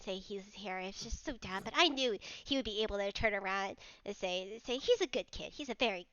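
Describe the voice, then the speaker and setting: A woman voicing an excitable, dog-like woman professor who gushes, repeats herself and keeps saying "I say". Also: mid-range voice, brisk, no room sound, dull audio, pitched below the performer's own voice, close to an everyday voice. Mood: fond. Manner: gushing, repeats herself, tic of 'I say'.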